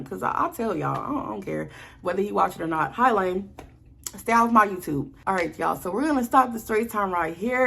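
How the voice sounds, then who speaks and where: Animated young woman telling a storytime. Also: medium pitch. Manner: animated, blunt, addresses viewers directly. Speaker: vlogger. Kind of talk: casual storytime.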